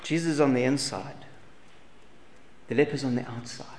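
A man preaching a sermon in earnest, pressing rhetorical questions and swinging between loud emphasis and hushed lines. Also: mid-range voice, normal speed. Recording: long hall reverb, faint noise.

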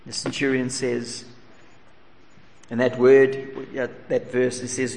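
A man preaching a sermon, earnest and questioning, sometimes dropping to a soft, humble plea. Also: mid-range voice, fairly even intonation, unhurried, slight background noise. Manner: earnest preaching, rhetorical questions, voicing humble pleas softly. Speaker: pastor. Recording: long reverb in a large hall, faint ambience.

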